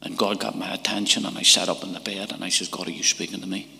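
Gravelly Northern Irish man in a church. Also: deep voice, level tone, bright, forceful tone. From Northern Ireland. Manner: halting and emotional, with repeated words and whispered passages. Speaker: testimony speaker. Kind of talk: church testimony. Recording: church hall reverb.

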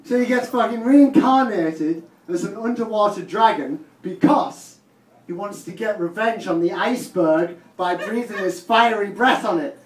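A man's voice: high-pitched, measured pace. A man from the north of England with a Teesside accent doing a profane, rambling stand-up set and laughing at his own jokes. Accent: Teesside English. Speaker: stand-up comedian. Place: comedy club stage. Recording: roomy distant live club recording, noisy.

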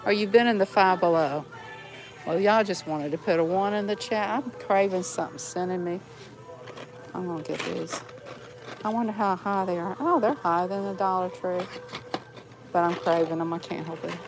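A woman with a Southern accent, chatting and laughing with her viewers as she browses a store in a casual vlog. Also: fairly low pitch. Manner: chatty, giggly, talks to viewers while browsing. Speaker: vlogger. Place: inside a large discount store.

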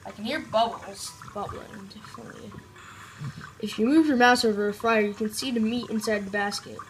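A woman's voice: medium pitch, fairly even intonation, fairly quick, a little hiss or hum. A woman doing casual let's-play commentary, joking around and reading on-screen tutorial text aloud. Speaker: gameplay commentator.

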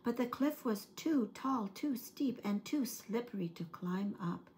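A woman working as an early-years storyteller, reading a picture book aloud in a gentle, expressive way. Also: a little high, a little slow, slight background noise.

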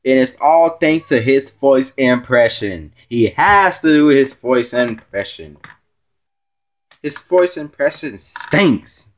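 Here is a man filling in as a vlog host, talking slowly and unhurriedly. His rambling, teasing rant swoops up and down all over his pitch, in a plain middle register. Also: expressive. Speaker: stand-in show host.

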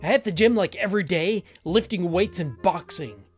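A smug, whiny young know-it-all, put on by a man narrating a story. He speaks in a hushed, slightly raised voice, boastful and dismissive. Faint music plays underneath. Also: high-pitched, normal speed, natural voice.

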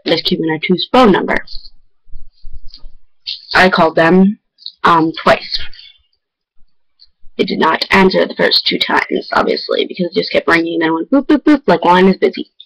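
An excitable teenage girl talks straight to her viewers in a loose, rambling vlog chat. Her voice jumps high when she gets worked up, and she strings thoughts together with lots of fillers. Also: normal speed, gravelly, pauses often, poor audio. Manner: excitable, rambling storytelling with big pitch jumps. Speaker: vlogger.

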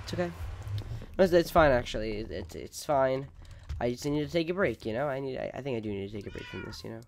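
A man's voice: mid-range voice, expressive, quick pace, creaky, a little hiss or hum. Melodramatic stammering man gaming. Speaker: gaming video host. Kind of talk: casual gameplay commentary. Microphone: desk microphone, sometimes leaning away from it.

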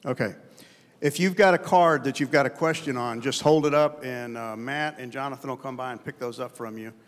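A man moderating a Q&A in a relaxed way, with fillers. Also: medium pitch, brisk. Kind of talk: casual announcements and questions. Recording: long hall reverb.

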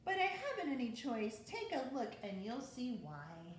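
A woman's voice: big pitch swings, normal speed. A woman voicing a glum, gloomy male fish in a mournful, sing-song storybook reading. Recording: very echoey room with faint rumble.

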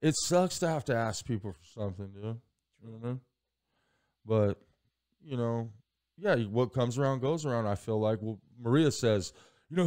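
A man's voice: medium pitch, moderate pace, pauses often, clean tone. A man telling rambling, profane stories in casual podcast chat, acting out what people said. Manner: profane, animated storyteller acting out quotes. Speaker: podcast guest.

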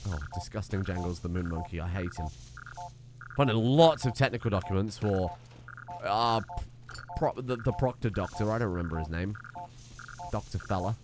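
A man's voice: lowish voice, normal speed, long pauses, faint music behind. A man giving wry, chatty let's play commentary, swearing casually. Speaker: gaming streamer.

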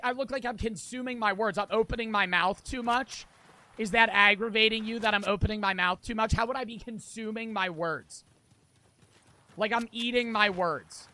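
High, bright-voiced brash male streamer. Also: no room sound. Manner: brash and profane, answers chat with quick irritation. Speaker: streamer playing a battle royale game. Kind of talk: casual live-stream commentary.

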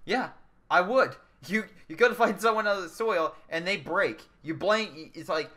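A man's voice: high voice, measured pace, sharp tone. A man reviewing a film in casual chat, defending it against his co-host.

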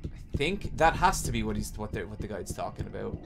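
A man's voice: fairly low pitch, sing-song, brisk, gravelly, over music. Exasperated swearing man commentating a game. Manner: exasperated, swears, rants in frustration. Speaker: gaming YouTuber. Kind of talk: casual game commentary to chat.

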